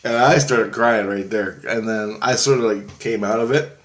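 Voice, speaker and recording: A man who has just woken up, clearing his throat as he tells a long personal dream story, halting and meandering with many fillers and restarts. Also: fairly low pitch. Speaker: video blogger recounting a dream.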